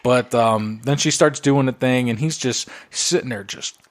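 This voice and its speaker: A man's voice: mid-range voice, measured pace. A man co-hosting a podcast, telling a rambling story in casual, profane chat. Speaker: podcast co-host.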